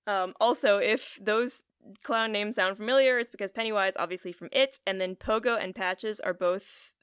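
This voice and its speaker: A woman's voice: medium pitch, normal speed, a bit bright, clear, resonant tone, dry recording. Woman, podcast co-host, casual chat, giggly, rambling, dry close sound. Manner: giggly, rambling, pun-loving.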